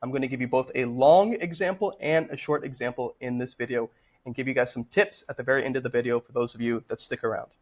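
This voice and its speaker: A man's voice: mid-range voice, steady tone, fast. A man explaining a trading strategy in a screen-share tutorial, direct and instructive, often checking in with "okay?". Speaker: trading educator.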